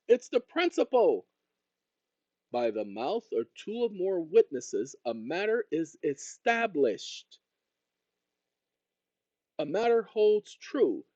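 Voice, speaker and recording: A man's voice: sits high, dark tone, no room sound, muffled recording. A man hosting his own channel, talking straight to viewers in a rambling monologue with jokey asides. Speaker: channel host and consultant.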